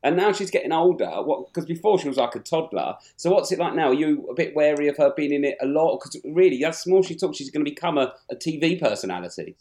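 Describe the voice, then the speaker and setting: Podcast host, woman, very deep voice, lively swings, teasing. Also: fast talker, hardly any pauses. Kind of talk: casual podcast chat.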